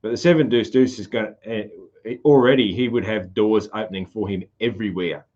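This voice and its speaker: A man's voice: fairly low pitch, steady tone, brisk, a little mellow, lo-fi sound. A man with a broad rural Australian accent hosting a casual podcast chat, rambling with lots of fillers and restarts. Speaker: podcast host.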